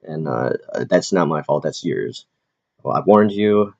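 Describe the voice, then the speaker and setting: A man who is an aspiring comedian, ranting in a rambling, profane, quick-tempered way as he vlogs in a big city. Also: rumbling low, animated, vocal fry, darkish tone. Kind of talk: casual rambling rant. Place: big city, in or near Manhattan. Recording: dull lo-fi recording.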